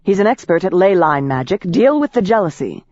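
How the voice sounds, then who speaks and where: A woman's voice: on the low side, very animated, fairly quick, darkish tone, muffled recording. A woman voicing a proud, wealthy young man who speaks in a clipped, haughty way. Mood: defiant.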